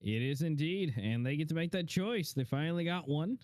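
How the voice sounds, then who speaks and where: A man's voice: a little high, animated, brisk, darkish tone, no room sound, clean studio sound. A man doing color commentary on a live esports match, meandering and full of fillers. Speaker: esports co-caster.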